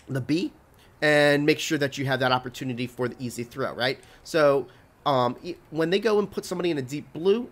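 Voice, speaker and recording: Male tutorial host, pitch a little above average, instructive, keeps checking in with the listener. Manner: instructive, repeats "right?" to check in with the viewer. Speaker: video game tips channel host. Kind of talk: explaining plays over gameplay footage.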